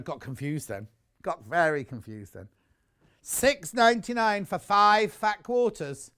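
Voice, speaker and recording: A man's voice: sits high, animated, measured pace, bright, forceful tone, clean tone. A British man presenting live on a shopping channel, chatty and rambling as he sells sewing goods. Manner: chatty, rambling, reads out viewer messages.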